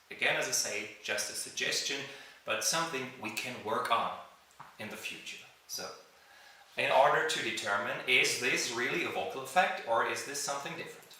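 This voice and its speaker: A man's voice: mid-range voice, bright, forceful tone, recorded from a distance. Chatty male vocal coach in an echoey room. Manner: chatty, halting, with many restarts and fillers. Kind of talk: livestream presentation. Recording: roomy, echoey sound from away from the mic.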